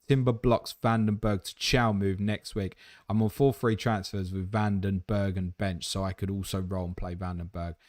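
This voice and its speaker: A man hosting a fast casual livestream, reading out viewer questions and answering them bluntly with jokes. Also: low-pitched, steady tone, darkish tone, no echo, studio quality. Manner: blunt, jokey, reads viewer questions aloud.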